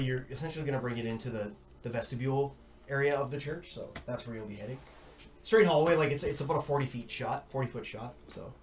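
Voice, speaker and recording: A man's voice: medium pitch, recorded from a distance. Man narrating as dungeon master. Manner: descriptive, slow dramatic narration with fillers. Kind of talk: narrating a tabletop game.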